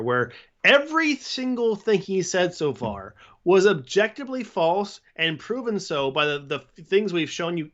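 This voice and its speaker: A man co-hosting a political commentary show, arguing his points in a steady, emphatic way. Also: a little high, lo-fi sound. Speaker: co-host.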